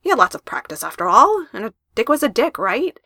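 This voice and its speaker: A woman narrating a story with a lively, animated voice that swings up and down in pitch. The recording is close and dry, with no room sound. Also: fairly quick, vocal fry, dry recording. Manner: expressive, with emphatic rises.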